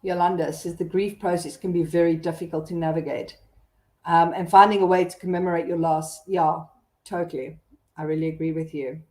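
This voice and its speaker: Candid South African mom blogger, roomy sound. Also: female voice, lowish voice, steady tone, fairly quick, a little mellow. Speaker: mom blogger hosting a live stream. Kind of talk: casual live-stream chat, reading comments aloud. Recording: roomy echo.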